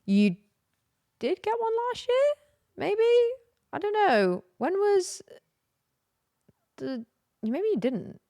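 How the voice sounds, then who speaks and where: A woman's voice: very high voice, very animated, slow, long pauses, dark tone, dry recording, studio quality. A young woman chatting casually on a live stream, rambling and giggly.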